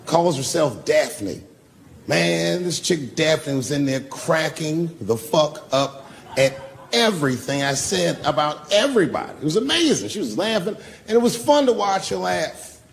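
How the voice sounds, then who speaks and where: A man's voice: on the high side, very animated, a little slow, gravelly. A man doing live stand-up, telling stories in a loose, profane, conversational way. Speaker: stand-up comedian.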